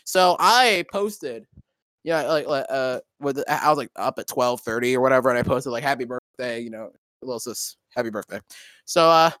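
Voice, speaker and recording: A man's voice: medium pitch, normal speed, a bit bright, smooth, no echo. A young man telling a story in casual chat, rambling and profane with many fillers and restarts. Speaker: co-host.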